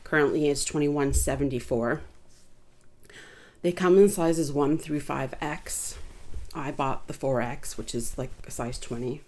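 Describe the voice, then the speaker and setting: A woman's voice: sits low, darkish tone. A woman casually chatting through a review of items she bought, rambling a little with fillers and restarts. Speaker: vlogger reviewing purchases.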